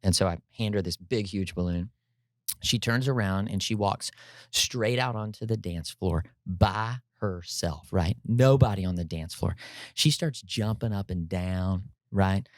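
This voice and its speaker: Animated man telling a story, low voice. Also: measured pace, dry recording, studio quality. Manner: energetic, peppers talk with "right?" and "like, you know"; addresses listeners directly, folksy and humorous. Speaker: podcast guest telling a personal story.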